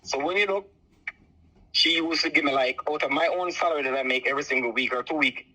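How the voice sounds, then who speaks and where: A man's voice: a little high, quick pace, pushed and bright. A Jamaican man calling in over the phone to tell a long personal story, rambling and repeating "so forth like that.". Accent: Jamaican, softened by years abroad. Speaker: caller. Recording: muffled phone line.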